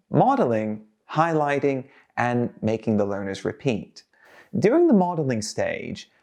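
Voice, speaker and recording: A man with a mid-range voice plays a teacher trainer in a scripted teaching video. He is energetic and models sentences for learners to repeat.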